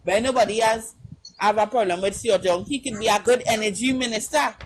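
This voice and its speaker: A woman's voice: fairly high pitch, fairly quick, a little hiss or hum, rough recording. A woman with a Trinidadian accent, speaking as a caller on a live-stream panel. She talks in an impassioned, emphatic way, repeats her points and keeps asking whether you understand.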